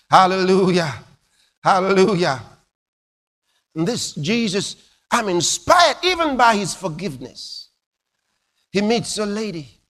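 A man preaching a sermon, telling stories dramatically with sudden loud bursts and hushed drops. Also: high-pitched.

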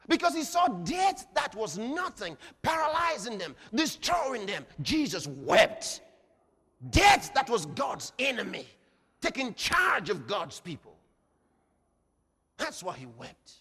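A male preacher with a very high, animated voice delivers a dramatic sermon, swinging between hushed and shouted passages. His tone is bright and sharp, and a long reverb hangs on each line like a large hall. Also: unhurried, breathy edge.

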